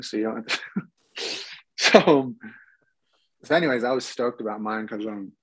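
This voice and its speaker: A man, an actor, telling a casual behind-the-scenes anecdote in an animated way and acting out the dialogue. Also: mid-range voice, moderate pace, long pauses, husky, dry recording, poor audio. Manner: animated storyteller, acts out quoted dialogue. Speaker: actor guest.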